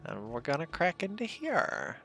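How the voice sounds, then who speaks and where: A laid-back man talks through a video game as he plays, half muttering to himself. His pitch moves around a lot, and soft music plays underneath. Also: wildly swooping pitch, normal speed, vocal fry. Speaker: let's play host. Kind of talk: casual gameplay commentary.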